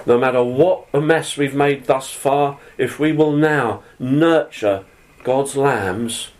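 A man's voice: mid-range voice, takes it slowly, low-quality recording. A man preaching a sermon, reading scripture aloud and then explaining it in an earnest, conversational way. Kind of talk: sermon, Bible teaching.

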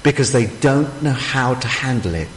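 A man's voice: mid-range voice, expressive, moderate pace, a little hiss or hum. A man preaching a sermon, emphatic and full of rhetorical questions. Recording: echoey hall, faint ambience.

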